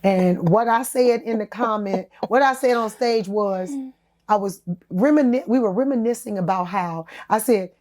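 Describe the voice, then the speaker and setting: A woman's voice: medium pitch, moderate pace. A woman, a singer and talk show host, telling candid stories as a podcast guest in a casual, slangy way, calling the listener honey and baby, often laughing and acting out what other people said. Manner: animated, laughing, acts out other people's words. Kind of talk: candid storytelling interview chat.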